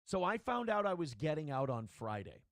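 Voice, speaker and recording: A man telling a story in an animated, indignant way as a guest on a casual podcast. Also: on the high side, moderate pace, no echo, clean studio sound.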